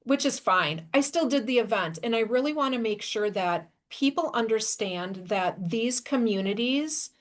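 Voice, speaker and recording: Podcast host, female, slightly high voice, animated self-deprecating storyteller. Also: normal speed, few pauses. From Wisconsin, USA. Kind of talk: casual storytelling.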